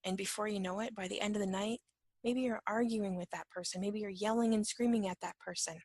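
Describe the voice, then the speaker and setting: A woman with a mid-range voice and fairly even intonation talks a little fast, with no room sound. She's an empath teacher giving a casual spoken lesson, frequently asking "right?", acting out mini dialogues, and dropping to a soft whisper at times.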